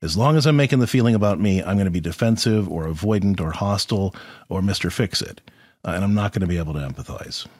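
A man hosting an advice podcast, explaining in an animated, conversational way with frequent restarts and rhetorical questions. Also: low voice, quick pace, husky, dry recording, clean studio sound. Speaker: podcast host, therapist.

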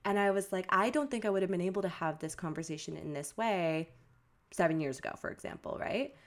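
Chatty young woman podcast co-host, low voice. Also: brisk. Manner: chatty storytelling, many "like" fillers, acts out family quotes. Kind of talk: casual podcast chat.

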